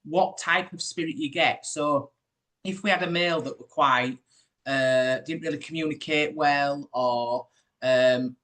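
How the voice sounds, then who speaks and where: A man, a spiritual medium chatting in an interview and telling his stories in a lively, rambling way. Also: fairly high pitch, a little slow. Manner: chatty, animated storytelling with asides. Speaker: spiritual medium, podcast host. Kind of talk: casual chat.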